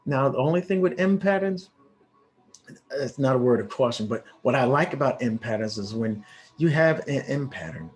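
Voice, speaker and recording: A medium-pitched man works as a trading educator, walking viewers through a live trade. His delivery is casual and excitable, with quick exclamations and many restarts.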